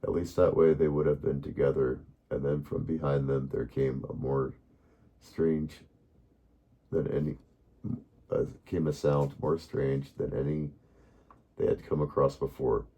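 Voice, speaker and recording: A man reading a bedtime story aloud in a calm, unhurried way, now and then correcting himself. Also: very deep voice, breathy edge, dull audio.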